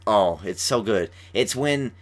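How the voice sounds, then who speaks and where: A young man with a lowish voice hosts a casual podcast chat, slowly rambling through an episode recap. He retells it in an animated way and says "like" a lot.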